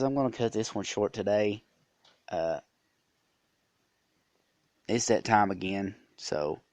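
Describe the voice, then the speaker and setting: Man, podcast host, rambling storyteller, low voice, dry close mic. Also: a little mellow, no echo. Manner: rambling, with many fillers and restarts. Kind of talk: casual storytelling monologue.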